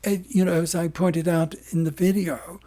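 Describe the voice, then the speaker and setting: A man speaking as an interview guest, his voice worn hoarse and warm, mellow in tone. He rambles, circles back and stresses his points with emphatic restarts. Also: fairly high pitch, level tone, moderate pace. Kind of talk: casual interview talk.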